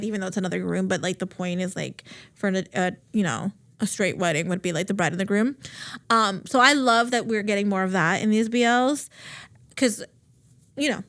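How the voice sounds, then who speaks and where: A woman recapping a TV series on a podcast in casual, filler-heavy chat, swearing and acting out quotes. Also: mid-range voice. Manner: chatty, lots of fillers, swears, animated quoting. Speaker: podcast co-host.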